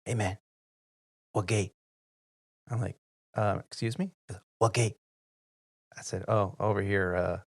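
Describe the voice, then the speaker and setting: A man's voice: lowish voice, dry recording, studio quality. A man, an airline pilot, telling a casual story on a podcast and acting out the other people's lines. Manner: lively anecdote-teller who acts out others' lines.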